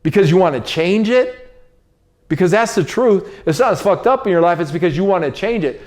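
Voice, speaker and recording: A man delivering a casual, unscripted monologue as host. He lectures with street slang and circles back over the same points, repeating himself. His voice sits a little higher than most men's. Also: expressive, fairly quick, darkish tone. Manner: preachy, repetitive, street slang.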